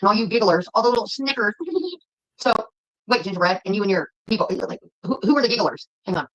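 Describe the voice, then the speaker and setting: A woman livestreamer in the middle of a heated rant, cursing and scolding her chat. Her pitch sits in an ordinary middle range for a woman. She swings between sharp outbursts and low, clipped warnings. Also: fast talker, lo-fi sound.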